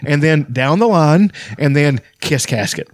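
A man co-hosting a podcast in casual, rambling chat, profane and animated as he tells stories. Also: a little high, unhurried, no room sound. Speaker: podcast co-host.

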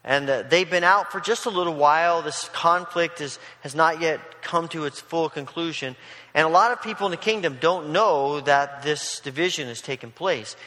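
A man's voice: on the high side, normal speed, bright, forceful tone, big-room sound. A man preaching a sermon, retelling a scripture story in a casual storytelling way. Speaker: pastor.

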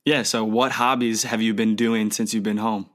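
A man's voice: fairly low pitch, flat delivery, normal speed, a bit bright. A young man, rambling casually with swearing and fillers. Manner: rambling, laid-back, swearing. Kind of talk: casual chat.

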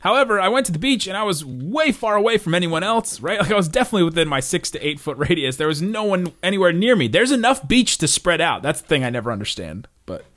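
Laughing storyteller man, slightly high voice. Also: very animated, fast, few pauses, a bit bright. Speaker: podcast co-host. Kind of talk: casual chat.

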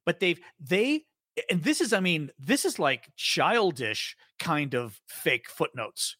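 A man co-hosting a podcast, talking in a sarcastic, animated way and mocking the voices of the people he quotes. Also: on the high side, slow pace, breathy edge, dry recording, studio quality. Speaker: podcast co-host. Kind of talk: casual political chat.

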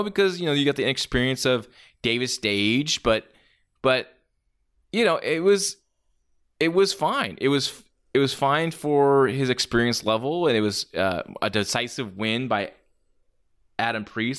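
A man talks through his opinions in a casual, off-the-cuff way, full of restarts and filler words. His pitch swings up and down in an animated way around a mid-range voice, and his judgments come out blunt. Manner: rambling, many fillers and restarts. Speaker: wrestling match reviewer. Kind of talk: casual spoken review.

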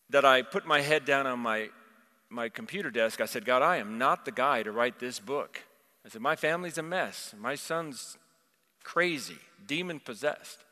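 Impassioned preacher in a reverberant hall. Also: male voice, medium pitch, sharp tone. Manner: impassioned storytelling, quoting scripture. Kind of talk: sermon.

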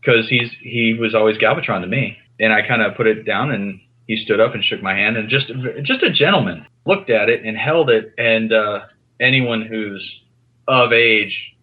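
Guy rambling through a story, lowish voice, kinda muffled lo-fi call sound. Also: moderate pace, a little hiss or hum. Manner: animated, rambling with restarts. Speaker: podcast guest, comics writer. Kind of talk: casual storytelling. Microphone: remote call.

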